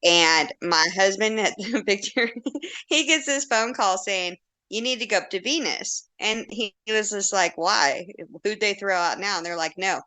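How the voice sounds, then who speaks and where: A woman's voice: mid-range voice, measured pace, pushed and bright. A woman in her forties, a podcast guest telling a story in casual chat, blunt and candid, acting out quotes and laughing often.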